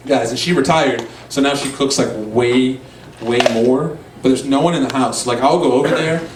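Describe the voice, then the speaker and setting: A stand-up comedian from Louisiana, telling crude, animated stories on a bar stage before a live audience. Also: male voice, medium pitch, normal speed, noisy background. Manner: animated, crude, filler-heavy delivery. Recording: echoey room, far mic, audience.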